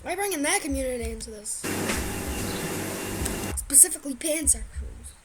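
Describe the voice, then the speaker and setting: A woman giving casual reaction commentary in a blunt, excitable way, swearing freely. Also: high-pitched, moderate pace, very noisy. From Australia. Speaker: reaction vlogger.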